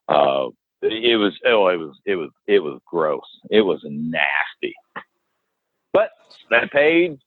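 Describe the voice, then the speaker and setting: A man's voice: lowish voice, expressive, normal speed, no room sound. A man co-hosting a podcast, casually telling a gross work story and acting out the quotes as he goes. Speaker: podcast co-host, dead animal removal worker. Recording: dry phone-like line.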